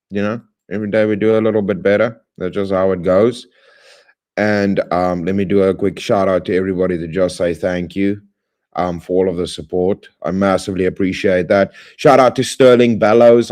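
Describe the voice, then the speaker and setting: A man hosting a livestream, closing with rambling, friendly shout-outs to viewers in playful slang. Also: sits low. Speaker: livestream host. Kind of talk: casual stream sign-off.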